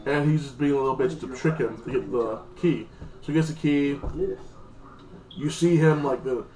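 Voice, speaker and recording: A man's voice: medium pitch, normal speed, dark tone. A man casually recapping a TV episode in a rambling, crude way, full of fillers. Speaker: TV episode reviewer. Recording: echoey room with music.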